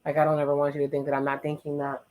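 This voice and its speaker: A playful watch-along host chatting over a reality dating show, retelling what each person says and tossing in teasing side remarks. The delivery is loose and conversational, jumping between flat recaps and sudden louder jokes. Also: medium pitch, poor audio. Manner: playful, teasing, recaps dialogue in quick asides. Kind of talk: casual reality-show commentary.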